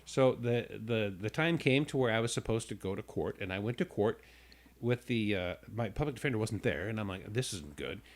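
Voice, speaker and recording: A man's voice: lowish voice, expressive, fairly quick. A man hosting a radio talk show who tells a long personal story casually, with stumbling restarts, and acts out the people in it.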